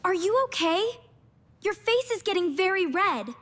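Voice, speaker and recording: A woman voicing a sensible, bossy young girl in a slow cartoon story, scolding and urgent. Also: extremely high pitch, sing-song, a bit bright, full character voice. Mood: worried. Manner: scolding, then urgent and frantic. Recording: reverberant room.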